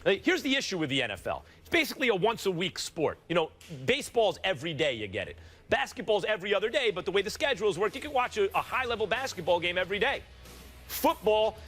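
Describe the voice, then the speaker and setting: A man on a studio sports debate show, arguing his side with quick rhetorical questions. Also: sits high, bright, forceful tone. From United States.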